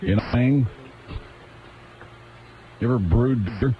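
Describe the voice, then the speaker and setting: A man's voice: mid-range voice, a little slow. A man hosting a casual call-in radio talk show, easygoing and wry, laughing often. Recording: dull lo-fi 1990s radio aircheck with faint hiss.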